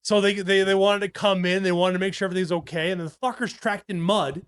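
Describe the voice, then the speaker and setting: A man in his thirties, co-hosting a relaxed podcast, rattles off rambling stories laced with swearing and repeated restarts. His high voice is steady, fast, and smooth, and the recording is dry.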